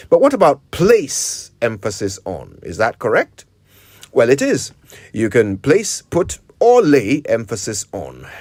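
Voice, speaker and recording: A man's voice: mid-range voice, no echo. A man presenting a scripted radio tip on correct English usage, in a didactic, explaining manner.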